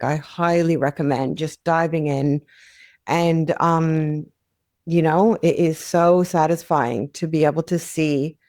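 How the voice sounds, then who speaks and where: A woman's voice: low voice, darkish tone, no echo, studio quality. A young adult woman sharing her experience as a podcast guest, earnest and candid, with frequent fillers and restarts.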